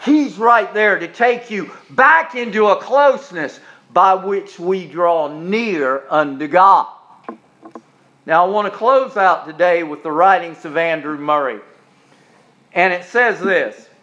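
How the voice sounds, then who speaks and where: A man's voice: extremely high pitch, sharp tone, lo-fi sound. A middle-aged male minister preaching in a homespun, conversational way, with folksy anecdotes and repeated phrases.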